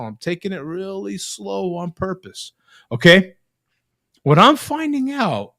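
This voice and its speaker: A man hosts a casual live stream from his video call, bouncing all over his range with a gravelly, bright edge. He rambles and jokes, stumbling over repeated words. The sound is dry and close. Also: high voice, dry recording. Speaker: host.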